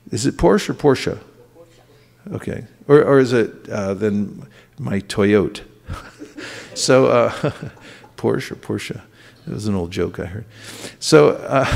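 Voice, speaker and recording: A man giving a scripture class at a temple, speaking in a relaxed, halting way with many fillers and recited Sanskrit verses. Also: medium pitch. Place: temple hall. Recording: long hall reverb.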